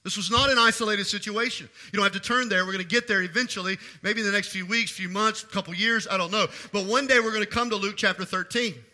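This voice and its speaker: A male pastor delivers a sermon in a high, very bright, ringing voice. He talks emphatically and hammers home points by repeating phrases. His cadence swings between soft, low asides and lifted, forceful lines. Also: steady tone, fast, hardly any pauses.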